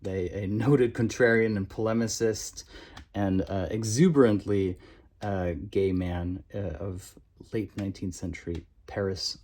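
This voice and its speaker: A low-voiced man with a husky edge wanders along his bookshelves, filming with a handheld camera at home. He talks in a halting, thoughtful way and often pauses to gather his words. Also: darkish tone. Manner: halting and musing, many pauses. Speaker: vlogger giving a bookshelf tour. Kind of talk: casual handheld tour.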